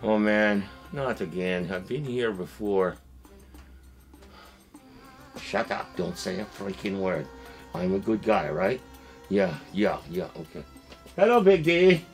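A man's voice: fairly low pitch, animated, slow, long pauses, faint music behind. A man performing a one-sided comedy skit, nervous and placating, stammering as he talks to someone unseen.

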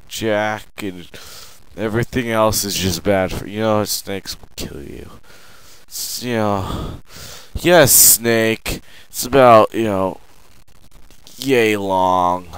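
A young man doing a rambling sit-down comedy monologue, meandering with lots of fillers and sudden loud outbursts. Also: lowish voice, clear, resonant tone, low-quality recording. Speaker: amateur comedian.

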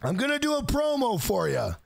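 A man streaming a game live, loud and profane, joking around, greeting viewers by name and breaking into shouted rhyming bits. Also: very high voice, wildly swooping pitch, a little fast, creaky, dry recording.

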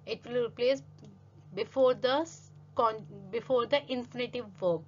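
A woman's voice: fairly high pitch, takes it slowly, sharp tone, muffled recording. A woman teaching French grammar in English, reading French example sentences and then translating them step by step. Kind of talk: grammar lesson explaining slides.

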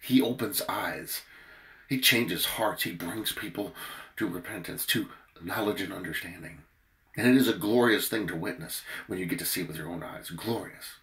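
Worn-out preacher, low voice, earnest emphatic devotional reading, loudness rising and falling. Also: male voice, normal speed. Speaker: preacher leading a daily prayer. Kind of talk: devotional sermon with scripture reading.

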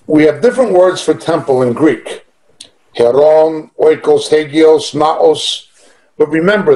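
A man delivers a sermon with a fairly high-pitched voice. He preaches emphatically but conversationally, leaning on personal testimony. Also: darkish tone, rough recording.

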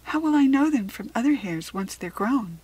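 A woman's voice: a little high, expressive, normal speed, darkish tone, slightly rough, pitched above the performer's own voice. A woman voicing an eager young farm girl in a children's storybook, lifting her voice for the girl's questions. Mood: earnest.

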